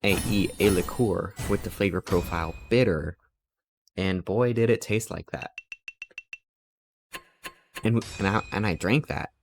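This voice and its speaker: Male streamer, low voice, casual rambling anecdotes with playful quoted asides. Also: slight background noise. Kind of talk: casual chat while streaming.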